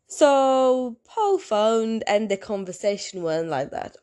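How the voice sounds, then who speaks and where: A woman's voice: mid-range voice, animated, unhurried, hardly any pauses, warm tone. Woman chatting away on her podcast, rambly and wandering, normal middle voice. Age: adult, in a long-term relationship. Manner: rambling, chatty, self-interrupting. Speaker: podcast host. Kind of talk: casual solo podcast storytelling.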